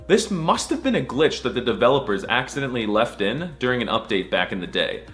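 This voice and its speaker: A man doing a comedic scripted voice-over that explains letters, with a goofy, crude and mock-outraged manner and drawn-out repeated sounds. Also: medium pitch, sing-song, fairly bright tone, soft background music. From United States.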